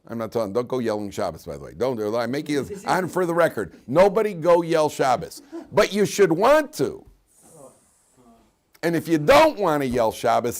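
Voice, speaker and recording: A man rabbi giving a storytelling Torah lecture to students, animated, dropping to quiet asides and then bursting out loud, teasing his listeners. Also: medium pitch. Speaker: rabbi teaching a class.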